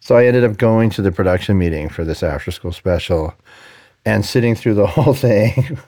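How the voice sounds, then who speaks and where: Deep-voiced man telling career stories. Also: normal speed, no echo, clean studio sound. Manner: animated anecdotes, laughs often, acts out dialogue. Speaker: production sound mixer guest. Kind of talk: conversational career storytelling.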